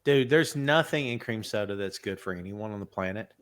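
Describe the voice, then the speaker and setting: A man from the United States co-hosting a casual podcast chat, talking in an animated way, his voice jumping high when excited. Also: a little fast, smooth. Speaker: podcast co-host.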